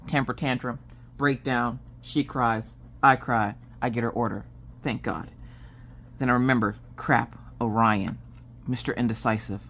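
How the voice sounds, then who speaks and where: A Southern American woman in her thirties chatting casually, acting out family members' lines in an exasperated storytelling manner. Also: measured pace. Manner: animated, acts out family members' lines with big pitch jumps and exasperated whispers. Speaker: craft vlogger.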